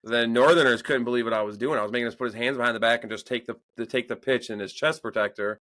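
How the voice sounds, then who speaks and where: Animated, swearing dad telling stories. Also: male voice, medium pitch, fast talker, dry recording. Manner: swearing, exasperated storytelling. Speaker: podcast co-host. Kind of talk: casual chat.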